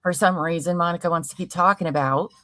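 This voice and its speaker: A woman's voice: fairly low pitch, fast talker, fairly bright tone, no echo. A woman from Ohio hosting a casual true crime livestream, chatting and reading viewer comments aloud. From Ohio, USA. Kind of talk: casual chat.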